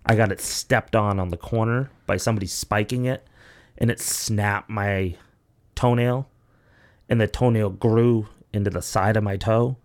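This young man hosting a podcast has a fairly low voice, fairly even intonation, and a measured pace. He chats casually through long, profane, meandering stories, peppering them with "like" and "you know."

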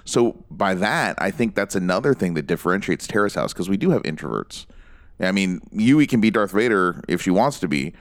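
Man, lowish voice, rambling casual chat, dry close sound. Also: expressive, moderate pace, no echo. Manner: musing, rambling.

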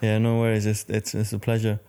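A man hosting a podcast, asking his guest questions in a relaxed, casual way. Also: on the low side, brisk, creaky. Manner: relaxed, asks short questions. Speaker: podcast host. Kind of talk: casual interview chat.

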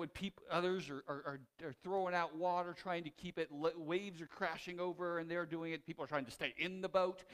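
A male pastor delivers a sermon in a slightly raised pitch. He retells a story with animated energy, often restarting phrases, and moves between loud emphasis and hushed passages.

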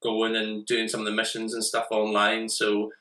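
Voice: mid-range voice, completely flat delivery, moderate pace, crowd noise, rough recording. An Irish co-host chatting casually about game deals, often repeating words while building up to a point. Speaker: podcast co-host. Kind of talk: casual chat.

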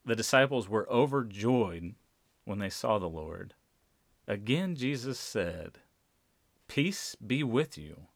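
A man preaches a sermon, unhurried and deliberate, leaning on repeated phrases for emphasis. His voice sits a little low, and he takes his time over every line. The sound is dry and close, with no room around it. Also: sing-song, creaky, dry recording. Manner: slow, deliberate, emphatic repetition.

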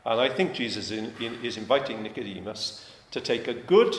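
Male preacher, animated, conversational and emphatic, recorded in a reverberant hall. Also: medium pitch, moderate pace, slight background noise. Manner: conversational, questioning the congregation, emphatic. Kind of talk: sermon. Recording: echoey hall, faint ambience.

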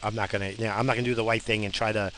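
A man's voice: on the low side, flat delivery, racing, bright, forceful tone, a little hiss or hum, poor audio. A man, rambling profanely as a casual podcast host while driving. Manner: profane, blunt, bursts of road rage.

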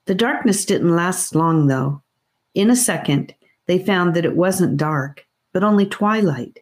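A woman narrating a children's fantasy audiobook in a steady, careful reading voice. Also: deep voice. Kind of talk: scripted narration.

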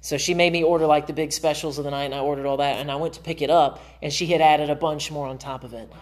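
A man's voice: on the high side, steady tone, fast. Man, pastor, sermon, earnest conversational preaching, church. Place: church sanctuary.

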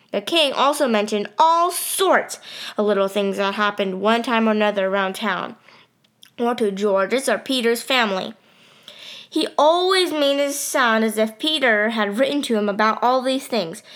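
A woman's voice: fairly high pitch, a bit bright. Woman reading a storybook aloud. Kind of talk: first-person storybook narration.

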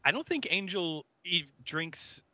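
A man with a very bright, sharp voice chimes in during a casual podcast chat in halting, blunt bursts. The recording sounds dull and completely dry. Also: sits high, big pitch swings, no echo. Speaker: podcast co-host.

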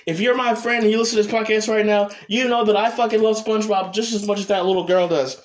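A young man with a high voice chats alone on his podcast. He rambles, restarts his sentences and swears constantly in an easy, unscripted way. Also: fairly even intonation, fast. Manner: rambling, heavy cursing, restarts. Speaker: podcast host. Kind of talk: solo casual chat.

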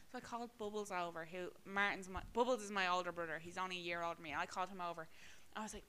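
Bright, chatty young Irish woman. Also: mid-range voice, big pitch swings, rapid-fire, slight background noise, rough recording. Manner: chatty, swears a lot, peppered with "like" and "right?". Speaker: podcast co-host. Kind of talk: casual chat.

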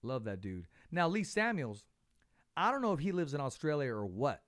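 A man hosting a podcast, telling stories in a casual, animated way, repeating words as he talks. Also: a little high, moderate pace. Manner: animated storyteller, repeats words, laughs often. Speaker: podcast host. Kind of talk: casual interview chat.

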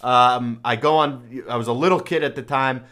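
A man hosting a comedy podcast, chatting casually and deadpan as he plays along with a bit. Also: mid-range voice, moderate pace. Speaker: podcast host.

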